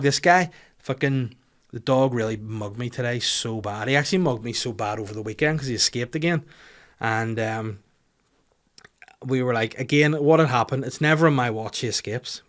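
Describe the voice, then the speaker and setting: A man in his thirties with a Northern Irish accent, hosting a podcast and rambling through a comic story, swearing freely. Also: medium pitch. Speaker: comedian podcast host. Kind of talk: casual comic monologue.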